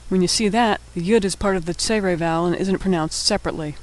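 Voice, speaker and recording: A man from the United States, teaching an alphabet lesson in scripted narration and slowly sounding out letters, vowels and syllables. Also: high-pitched, low-quality recording.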